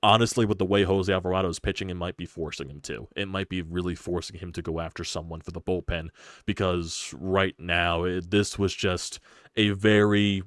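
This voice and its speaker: A man hosting a live sports stream, ranting in frustration with rapid-fire rhetorical questions and profanity. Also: low-pitched, steady tone, fairly bright tone, dry recording, studio quality. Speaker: sports channel host.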